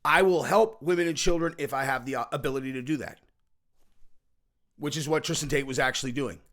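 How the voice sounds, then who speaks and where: A man's voice: mid-range voice, a little fast, a bit bright. A man hosting a podcast, giving an opinionated commentary monologue, emphatic and repetitive, acting out other people's reactions in quoted asides. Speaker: podcast host.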